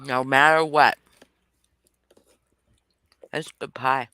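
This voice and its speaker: A woman's voice: rumbling low, steady tone, very slow, pushed and bright, clear, resonant tone, no room sound. A woman hosting a livestream chat, talking frankly and bluntly. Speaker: livestream host. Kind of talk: casual chat. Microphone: streaming video call.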